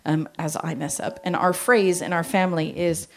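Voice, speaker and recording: Animated woman giving a faith talk. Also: on the low side, moderate pace, creaky. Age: adult with children. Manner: animated, jokey, acts out quotes. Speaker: speaker at a Christian parenting talk. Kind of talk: lively talk with humor.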